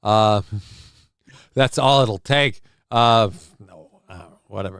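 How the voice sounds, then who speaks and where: A man's voice: lowish voice, slow pace, gravelly, clean tone, dry recording, clean studio sound. A man co-hosting a casual live show, reading out chat comments and riffing on them in a jokey, rambling way. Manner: jokey, riffs loudly on viewer comments, rambling. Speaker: livestream co-host.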